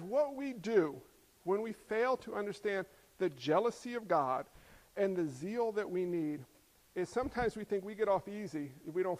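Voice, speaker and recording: A middle-aged man preaching a sermon, animated and acting out voices as he tells stories. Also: sits high. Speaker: pastor.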